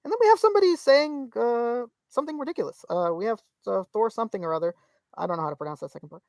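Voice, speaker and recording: Lively chatty woman reading chat. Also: a little high, racing, no echo, clean studio sound. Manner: chatty, many restarts, animated reading of comments. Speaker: podcast co-host reading chat. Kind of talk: casual live-stream chat.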